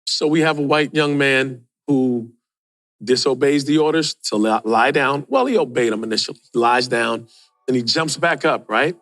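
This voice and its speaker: A man's voice: medium pitch, animated, moderate pace, a bit bright, dry recording. A man hosting a podcast, commenting casually on video clips and often asking rhetorical questions. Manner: rhetorical, asks questions and adds "right?". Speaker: podcast host.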